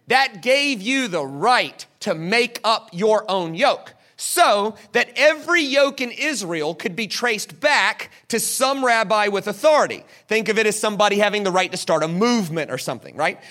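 A man with a high voice delivers a teaching sermon. His tone is bright and ringing, and he talks in an animated way, coaxing his listeners to repeat words back to him. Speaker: preacher. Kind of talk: sermon teaching with audience participation.

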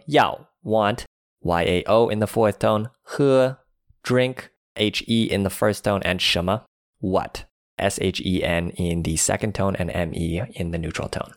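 A man's voice: deep voice, no echo, studio quality. A man co-hosting a language lesson, explaining vocabulary plainly and spelling each word out.

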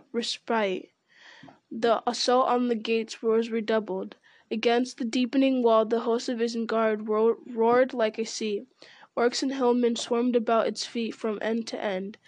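A woman reading a fantasy novel aloud with steady narration and small stumbles that she corrects. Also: a little high, no echo. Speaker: reader.

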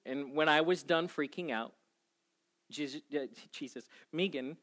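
A man in his forties preaching a sermon to a congregation, telling a personal story with animated swings in energy. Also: fairly high pitch, measured pace. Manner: animated storytelling, acting out his own panic. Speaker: pastor.

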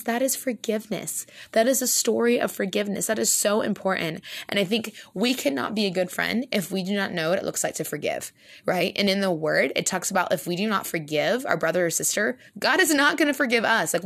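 A young woman co-hosting a casual faith podcast, chatty and animated, leaning on "like" and acting out little quotes. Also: mid-range voice, vocal fry. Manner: chatty, animated, says "like" a lot, acts out quotes. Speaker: podcast co-host.

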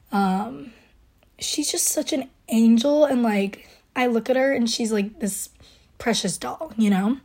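Brief: young woman podcaster, husky, higher pitch, rambling fan chat. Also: a little mellow. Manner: gushing, rambling, lots of likes and ums. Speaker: podcast host.

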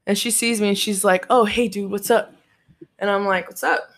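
A woman's voice: mid-range voice, normal speed. A young woman telling a story in casual chat, swearing freely and acting out what people said. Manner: profane, animated, quotes people in their voices.

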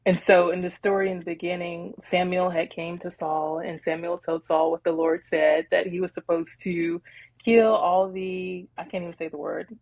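A woman co-hosting a podcast, retelling a Bible story in casual chat with animated, laughing energy. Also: lowish voice, normal speed, no echo, low-quality recording. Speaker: podcast co-host.

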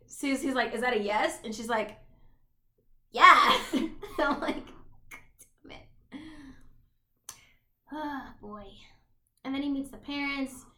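A woman co-hosting a casual podcast, recapping a movie in a sweary, animated way while she plays a video game. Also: high-pitched, roomy sound. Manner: sweary, animated retelling with quick asides. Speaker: podcast co-host.

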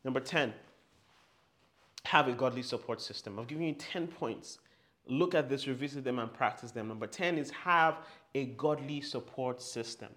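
A man's voice: mid-range voice, normal speed. A man preaching a sermon and leading the listeners in spoken declarations. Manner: leads call-and-response declarations, growing loud and fervent.

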